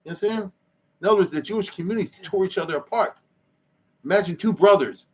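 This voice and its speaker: A rabbi gives an informal history lecture in a synagogue hall, sprinkling in Hebrew and Yiddish words and briefly acting out the people in his stories. His voice sits high with a darkish tone, and he talks quickly.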